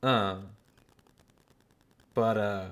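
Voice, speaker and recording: A young man hosting his own podcast, telling a story in crude, animated casual chat and mocking other people's voices. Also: fairly low pitch, extremely slow. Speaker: podcast host.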